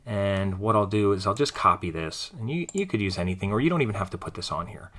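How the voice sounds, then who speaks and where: A man teaching a design class, talking casually through each step of a screen-recorded software tutorial as he clicks along. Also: fairly low pitch, quick pace. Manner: relaxed, thinking aloud while clicking through steps.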